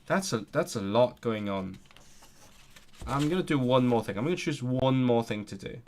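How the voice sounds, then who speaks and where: A man's voice: mid-range voice, lively intonation, normal speed, a little mellow. Man thinking aloud with many ums. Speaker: language learner streaming. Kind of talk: casual live-stream chat.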